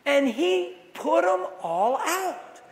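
A man preaches to a crowd in a big echoing hall, his voice pitched high for a man. He tells his stories with animation and breaks into acted voices and wailing. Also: very animated, drawn-out words. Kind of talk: sermon. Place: large hall with audience. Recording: long hall reverb.

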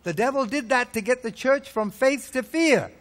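A man preaching a sermon, firing rhetorical questions and swinging from loud peaks to low, hushed lines. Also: lively intonation, moderate pace. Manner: emphatic, hammering rhetorical questions.

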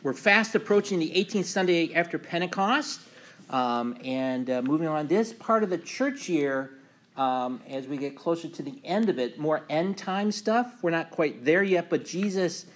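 A man's voice: on the high side, normal speed. A man teaching a morning Bible class as pastor, talking loosely with many fillers and reading scripture aloud with emphasis. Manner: relaxed, many ums and uhs, reads scripture aloud with emphasis.

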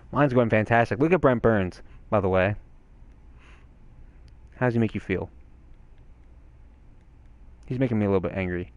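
A young man giving excitable gameplay commentary, swearing and yelling at the game. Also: on the low side, unhurried, long pauses, clean tone, dry recording, highs cut off. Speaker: gaming channel host.

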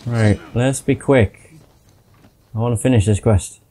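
A man's voice: medium pitch, measured pace, warm tone. A man commenting casually on his gameplay, muttering to himself and swearing when frustrated. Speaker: gamer doing a playthrough.

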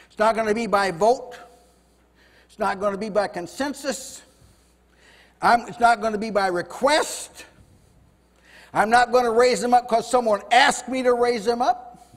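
A fervent male preacher with a very high voice, delivering a sermon in a room with a long, ringing reverb. His voice climbs and gets loud when he acts out quoted speakers. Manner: fervent, rises loud when voicing God and Moses. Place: house church meeting room.

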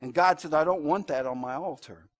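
A man's voice: a little high, a little fast. A man preaching a sermon in a church, conversational and storytelling, with emphatic rises and asides to the congregation. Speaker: pastor. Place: church sanctuary.

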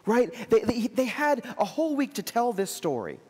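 A man's voice: very high voice, sing-song, normal speed, a little mellow, husky, in a large hall. A man preaching an Easter sermon in a church, conversational in tone and repeating words for emphasis. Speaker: Episcopal priest preaching.

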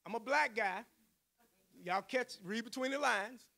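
A man's voice: very high-pitched, a little slow, vocal fry, bright, forceful tone. A male pastor, telling a personal story in a sermon, acting out the voices he quotes and laughing often.

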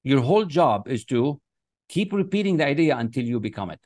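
A man leads a motivational masterclass with a middle-pitched voice, pressing his points with emphasis. He chants short affirmations over and over, and the sound is dry and close. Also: sing-song, fairly quick, a little mellow, dry recording. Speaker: success coach. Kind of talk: motivational teaching. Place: online class, writing on screen with a mouse.

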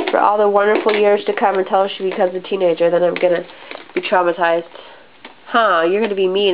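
A woman's voice: medium pitch, a little hiss or hum. A young adult woman chatting casually at home for a family home video, rambling a little with frequent ums. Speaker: mother filming a family update. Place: home living room. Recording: slightly dull lo-fi home video.

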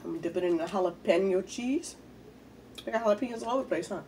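A woman's voice: medium pitch, fast, warm tone, distant mic, slight background noise. A woman, chatting casually while eating in a mukbang video, a little congested from a head cold. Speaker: mukbang vlogger.

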